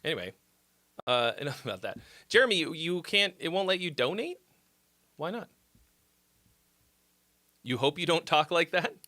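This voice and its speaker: A man hosting a live stream, chatting casually with viewers in a rambling, profane, excitable way and answering their comments. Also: a little high, normal speed, long pauses. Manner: reads viewer comments aloud and replies. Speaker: livestream host giving song critiques.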